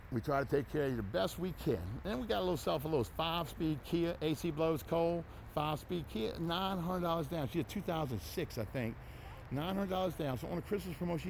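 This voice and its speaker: A man, running a folksy, loud, hard-selling walkthrough of his used car lot outdoors. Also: fairly high pitch, creaky, a little hiss or hum. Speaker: used car dealership owner.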